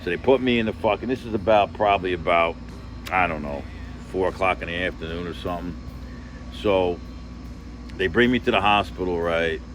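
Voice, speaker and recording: A man's voice: low voice, brisk, noisy background. A man telling a personal story in a casual, rambling, emotional way, swearing heavily and leaning on fillers.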